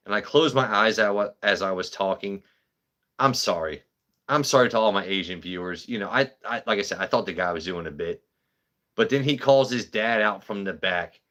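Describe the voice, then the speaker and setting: A live-stream host with a lowish voice at normal speed tells a story casually. Animated and rambling, he swears a lot and keeps restarting his sentences.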